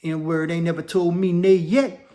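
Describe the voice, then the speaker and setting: A man voicing a boastful adult male gangster inmate, talking in a deep swaggering drawl. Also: little pitch movement, measured pace, warm tone, lightly acted.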